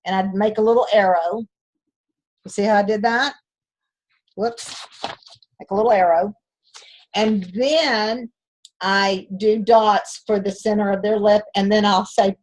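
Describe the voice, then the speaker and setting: A woman's voice: medium pitch, normal speed, rough recording. A woman beauty consultant teaching a group, chatty and emphatic, repeating phrases to drive them home. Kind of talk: instructional talk to a group.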